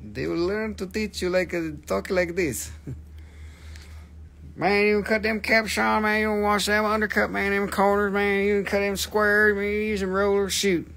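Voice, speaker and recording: A man putting on an Appalachian drawl as a loud, folksy male mountain craftsman who ends every phrase with "man". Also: high voice, fairly even intonation, moderate pace, vocal fry, voice pushed up. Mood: joshing. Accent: Appalachian drawl, put on.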